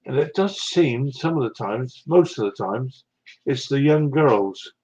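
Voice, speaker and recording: A man with a West Country English accent talking on a live stream at a middling pitch. He rambles in a chatty way and chuckles as he answers viewers. The stream audio sounds dull and lo-fi. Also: animated, unhurried, a little mellow. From South West England. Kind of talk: casual live-stream chat.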